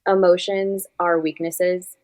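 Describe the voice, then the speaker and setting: Low-voiced woman giving earnest advice. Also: flat delivery, takes it slowly, a little mellow, rough recording. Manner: direct, earnest advice full of "like" fillers. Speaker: therapist guest. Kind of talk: podcast interview conversation.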